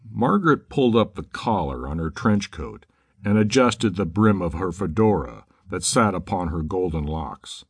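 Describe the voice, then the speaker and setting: Male audiobook narrator, low, steady reading, close dry studio mic. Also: no room sound. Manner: measured, steady storytelling. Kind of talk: scripted narration.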